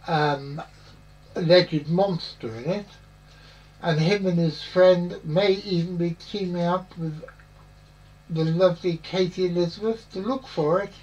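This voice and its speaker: A man's voice: on the high side, darkish tone, dull audio. A man hosting a podcast in a rambling, jokey chat full of puns. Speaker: podcast host. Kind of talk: casual chat.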